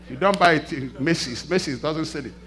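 Man, middle-aged, pastor preaching, bright forceful voice, call-and-response, hushed to loud swings. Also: a little high. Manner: call-and-response questions to the congregation. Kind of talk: sermon.

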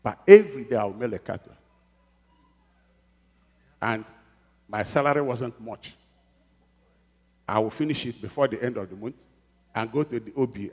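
A middle-aged man preaching a sermon in a church, swinging from hushed pleading to loud exhortation and calling for amens. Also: medium pitch, husky. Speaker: pastor. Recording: long reverb of a church hall.

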